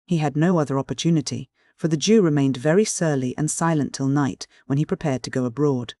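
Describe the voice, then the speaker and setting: A man narrating an audiobook in a steady, measured storytelling manner. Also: on the high side, no room sound, studio quality. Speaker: audiobook reader.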